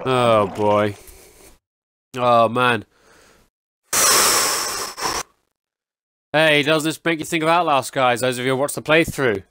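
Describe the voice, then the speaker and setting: A man's voice: mid-range voice, slow pace, pauses often, sharp tone, smooth. A young man giving jumpy, exclaiming commentary while playing a horror game and talking to its characters. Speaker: gaming YouTuber.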